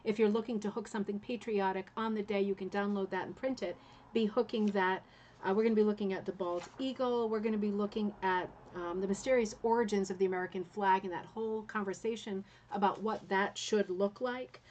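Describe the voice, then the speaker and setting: A woman hosting a craft channel, telling history in a relaxed, conversational way. She drifts through asides and tag questions like "right?" and pads her talk with plenty of "um" and "uh". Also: medium pitch, a little fast, highs cut off, a little hiss or hum. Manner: chatty, many fillers and "right?" asides. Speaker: rug hooking channel host. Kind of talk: casual history talk to viewers.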